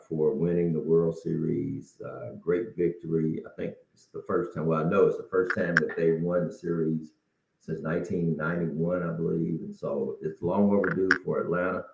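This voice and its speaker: His voice sits low with vocal fry, and there's slight background noise as this middle-aged man runs a casual one-person podcast. Folksy, encouraging and a bit out of breath, he restarts frequently. The audio sounds roomy, dull and lo-fi.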